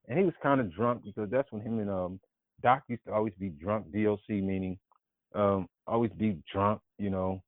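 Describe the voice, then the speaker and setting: A man casually telling a long, profane, rambling story as a guest, often breaking into animated quoted voices. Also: moderate pace, no echo. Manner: profane, rambling, jumps into high animated voices when quoting others. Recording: dry, tinny phone-like audio.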